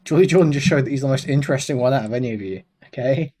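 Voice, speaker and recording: Reaction streamer, male, middle pitch, mocking and amused, casual. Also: very fast, dark tone.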